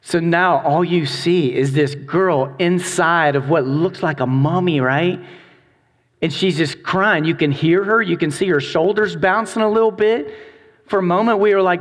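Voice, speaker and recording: Middle-aged guy preaching, lively storyteller, high voice, echoing church hall. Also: measured pace. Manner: animated storytelling, acting out voices. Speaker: pastor. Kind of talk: sermon.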